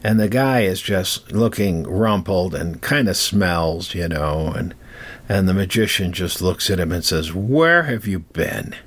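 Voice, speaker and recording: A middle-aged man telling a story casually, with a gravelly voice and chatty, digressive asides. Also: deep voice, measured pace.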